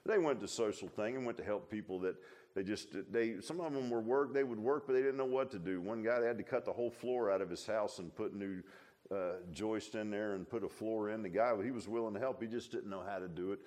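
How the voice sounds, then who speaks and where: A man's voice: lowish voice, fairly quick, darkish tone. A middle-aged man preaching a sermon in a folksy, conversational way, full of asides to the congregation. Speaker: pastor.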